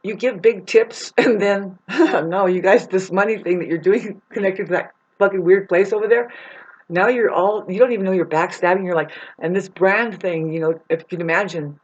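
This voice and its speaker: A woman's voice: medium pitch, moderate pace. A woman in a rambling, profane spiritual monologue, laughing often as she talks. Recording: muffled lo-fi recording.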